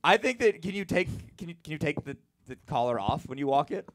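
A man's voice: on the high side, brisk, no room sound. A man co-hosting a comedy show, bantering loosely with comics and swearing casually. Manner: loose, swearing, laughing, lively. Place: comedy club.

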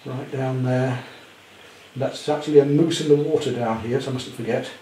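A man demonstrating a painting at home, chatty with gentle self-deprecating humour. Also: mid-range voice, normal speed, roomy sound, slight background noise, rough recording. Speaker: art teacher. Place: indoor studio at home.

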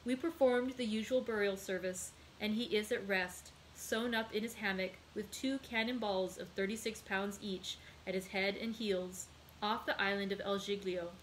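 A woman reading as a calm, resolute young sailor. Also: medium pitch, moderate pace, slight background noise, close to an everyday voice, poor audio. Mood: sorrowful. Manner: plain read-aloud voice for a character.

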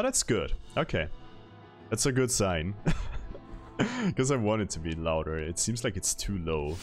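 A man streaming a video game, chatting casually with viewers and laughing often as he plays. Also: low-pitched. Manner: chatty, reads chat aloud, laughs often. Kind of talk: casual gameplay commentary.

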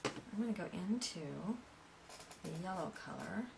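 A woman's voice: fairly low pitch, lively intonation, moderate pace, vocal fry, background noise. A woman giving a step-by-step painting lesson in a chatty way, with asides to her students. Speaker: painting instructor. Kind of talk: painting tutorial.

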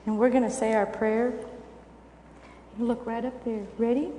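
An older woman gives a children's sermon, coaxing the children with gentle questions. Her voice sits fairly high but sounds mellow. She is recorded in a reverberant church hall with a faint hiss behind her. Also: little pitch movement, a little slow, pauses often. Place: church sanctuary.

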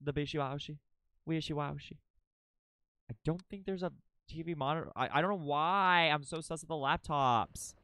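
A young man streaming a game live, narrating dramatically and swinging between loud panic and low, repetitive mutters. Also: moderate pace, clean tone, no echo.

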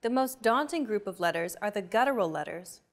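A woman at a middle pitch hosts a scripted language lesson. Her delivery is clear and explanatory. She keeps an even tone as she walks learners through the sounds. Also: fairly quick. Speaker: lesson host.

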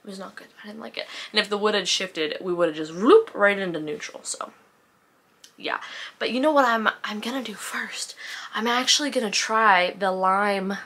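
A woman talks straight to her viewers in a loose, rambling vlog chat. Her voice is bright and forward, and she keeps tossing in self-deprecating asides between plans. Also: mid-range voice, moderate pace. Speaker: book vlogger.

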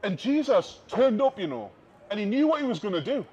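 High-voiced impassioned street preacher. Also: male voice, big pitch swings, brisk, dark tone. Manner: impassioned, repetitive preaching with rising emphasis. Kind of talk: open-air street sermon. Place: outdoors on a city street. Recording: dull lo-fi outdoor recording with faint noise.

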